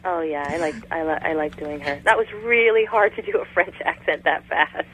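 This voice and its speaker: A voice actress joins a casual interview by phone, speaking fairly quickly in a low-pitched, slightly bright voice. She's chatty and long-winded, and the line sounds tinny with faint noise.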